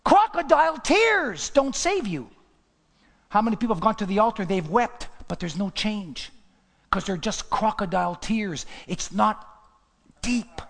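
A man preaching a sermon in a repetitive, rhythmic cadence, swinging from shouts to near whispers. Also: high voice, normal speed, vocal fry, long reverb tail. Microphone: livestream to online viewers.

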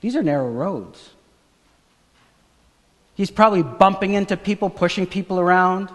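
A man preaches with a fairly high voice, dropping to hushed tones and then climbing to excited shouts as he acts out the story. His sermon rings with the long reverb of a church hall. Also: normal speed. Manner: dramatic, swings from hushed to shouting. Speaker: pastor.

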